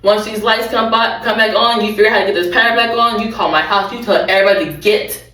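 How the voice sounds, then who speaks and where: A commanding teenage girl who lays out a plan in brisk orders, voiced by a woman retelling a scene. The delivery is quick and clipped. The voice is distant from the mic, with a roomy echo around it. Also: medium pitch, fairly even intonation, bright, forceful tone, close to an everyday voice. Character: bossy take-charge teenage girl giving orders.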